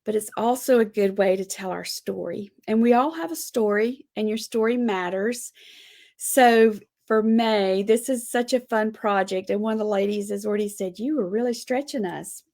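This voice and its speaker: A woman's voice: mid-range voice, moderate pace, darkish tone. A middle-aged woman casually demonstrating lettering and art projects to her group, chatty and friendly as she shows items to the camera.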